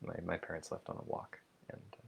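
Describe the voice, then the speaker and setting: A man talking slowly and thoughtfully in a personal video diary, musing aloud with many fillers and restarts. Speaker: vlogger. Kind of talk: reflective spoken diary.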